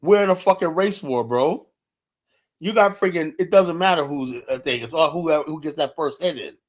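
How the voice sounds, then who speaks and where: A man's voice: a little high, moderate pace. Blunt, profane man ranting on stream. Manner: fillers like "you know" throughout. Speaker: live streamer. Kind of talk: heated casual rant.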